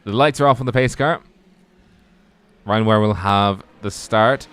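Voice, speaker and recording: A man calling a sim race as lead commentator, giving steady play-by-play that lifts with the action. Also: fairly low pitch, measured pace, long pauses, clear, resonant tone, dry recording.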